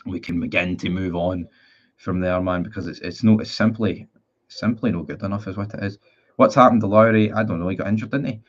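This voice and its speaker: A man's voice: low-pitched, a little fast. A man in his twenties with a Northern Irish accent, chatting casually on a live stream and reading out viewer comments in a blunt, rambling way with casual swearing. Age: 20s. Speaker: football fan streamer. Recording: dull lo-fi sound.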